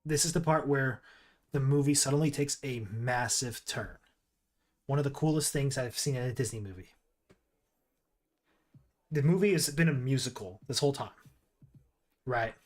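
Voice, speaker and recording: A man's voice: a little high, darkish tone. A man streaming casual commentary while ranking movies, rambling with restarts and asides.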